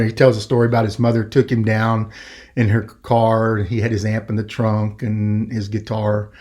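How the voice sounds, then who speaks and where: A middle-aged man hosting a podcast, telling a story in a rambling, animated way and acting out the quoted voices. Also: lowish voice. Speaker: podcast host. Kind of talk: casual storytelling.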